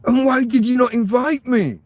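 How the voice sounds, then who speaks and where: A man's voice: very high voice, normal speed, a little mellow, dry recording. An English man hosting his own podcast, ranting angrily and swearing, close to tears. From England. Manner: agitated, swearing, near tears. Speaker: podcast host. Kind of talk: angry ranting monologue.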